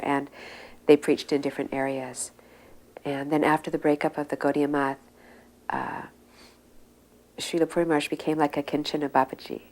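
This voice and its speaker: Low, gravelly older woman. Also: poor audio. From United States. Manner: soft-spoken, searches for words with fillers. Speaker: interviewee. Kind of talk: reminiscing storytelling.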